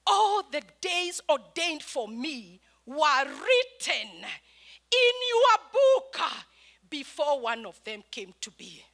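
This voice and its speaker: A high, bright older woman from Kenya preaching a sermon with fervent energy. She takes her time, leaning on words and rising into shouted praise. She acts out her family's calls in quick asides. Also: very animated. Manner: quotes family calls in small voiced asides. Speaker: pastor.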